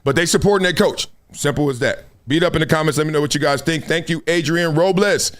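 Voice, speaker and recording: A man hosting a casual live-stream commentary show, animated and often laughing as he mocks the people he talks about. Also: a little high, fast talker. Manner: animated, laughing, mocking impressions. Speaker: host.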